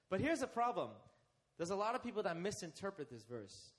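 A young man preaching a sermon, asking his listeners questions and slowing down to stress key phrases. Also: sits high, big pitch swings. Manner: interactive, asks the congregation questions and leads them.

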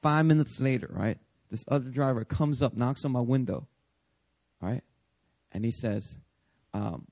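A male pastor preaching a sermon, telling a personal story in an animated way and acting out his own prayers. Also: mid-range voice, unhurried, long pauses, no echo.

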